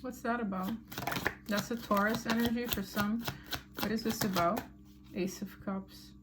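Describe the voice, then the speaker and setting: A woman's voice: medium pitch, fairly even intonation, measured pace, noisy background. A woman giving a casual tarot reading to her viewers, chatty and emphatic, with slangy asides. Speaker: tarot reader.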